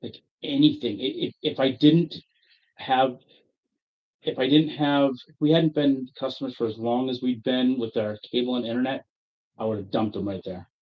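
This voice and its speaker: A man telling a long story to friends in casual talk, profane and animated, acting out his own angry quotes. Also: medium pitch, moderate pace. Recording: dull lo-fi audio.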